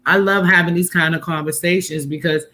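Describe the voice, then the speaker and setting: A middle-aged woman with a New York accent, hosting a casual live-stream chat in an animated, repetitive, streetwise way. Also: fairly low pitch, a little fast. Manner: animated, repeats herself, streetwise phrasing.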